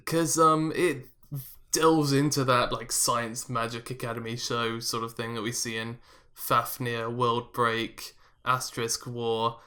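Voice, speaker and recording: A man's voice: medium pitch, flat delivery, a little slow, sharp tone. Dry, teasing male podcast host. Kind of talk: casual podcast chat.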